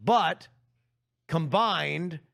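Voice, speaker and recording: A man's voice: on the high side, very slow, creaky, fairly bright tone. A man co-hosting a comedy podcast, riffing emphatically and swearing casually. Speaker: podcast co-host.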